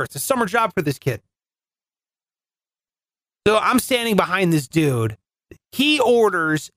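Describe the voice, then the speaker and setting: A man's voice: sits high, fairly bright tone, dry recording, studio quality. A man hosting a podcast, telling a comedic story in a chatty, sarcastic way. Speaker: podcast host.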